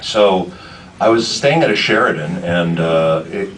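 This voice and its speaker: A man's voice: deep voice, unhurried, fairly bright tone. A man, a voice actor on a convention panel, telling stories to fans in a rambling way with fillers and restarts. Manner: rambling, many fillers and restarts, laughing asides. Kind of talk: anecdotal storytelling to fans. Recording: distant, noisy convention room.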